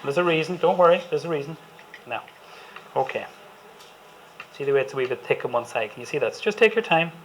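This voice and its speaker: An enthusiastic Irish chef talks an audience through a cooking demonstration, chatty and full of jokes. His voice sits a little high for a man. A faint hiss of noise stays under the live room. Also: lively intonation, quick pace, pauses often, poor audio. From Ireland.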